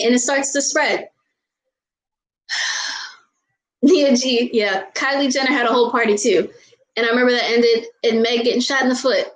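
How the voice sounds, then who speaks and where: In a high-pitched voice, an American woman chats casually with her viewers, answering their questions. She rants in frustration while often laughing and saying sorry. The sound is roomy and the recording quality is low.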